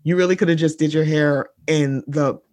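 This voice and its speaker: A mid-range, darkish voice keeps a steady tone and moderate pace, with no echo in the audio. In casual pop-culture podcast chat, this co-host is blunt, sarcastic and profane, frequently speaking aside to "y'all" listeners.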